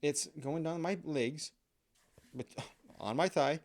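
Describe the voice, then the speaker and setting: A man's voice: medium pitch, normal speed, darkish tone. A man hosting a podcast, telling a comic personal story in a profane, self-mocking, rambling way. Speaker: podcast host.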